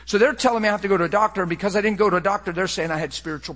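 A middle-aged man preaching a personal testimony, swinging between hushed, quiet passages and excited, impassioned bursts. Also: sits high, rapid-fire, in a large hall. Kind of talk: sermon testimony.

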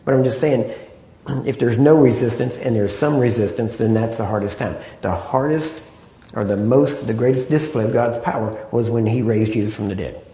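A man's voice: mid-range voice, moderate pace, dark tone. A man preaching a sermon in an easy, conversational way, often asking "Amen?" and "right?" to draw agreement. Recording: echoey room.

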